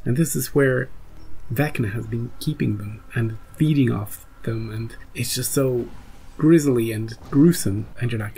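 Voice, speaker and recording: Gravelly-voiced man, excitedly recapping a show episode. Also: mid-range voice, a little slow, low-quality recording. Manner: emotional, retells scenes by voicing his own reactions. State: choked up. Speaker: reaction channel host.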